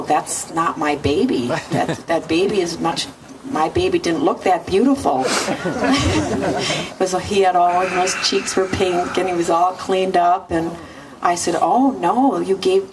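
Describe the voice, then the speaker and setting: A middle-aged woman reminisces at a memorial, her slow, halting words broken by soft laughs. She is picked up from a distance, with faint room noise around her. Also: medium pitch. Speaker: mother of the deceased, eulogy speaker. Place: memorial gathering. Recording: distant mic, noisy room.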